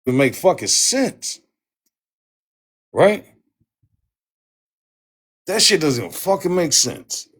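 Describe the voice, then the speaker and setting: A man's voice: on the high side, big pitch swings, slow pace, long pauses, fairly bright tone, breathy edge. Angry profane man ranting on a livestream. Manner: heated, profane, repetitive. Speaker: livestream host.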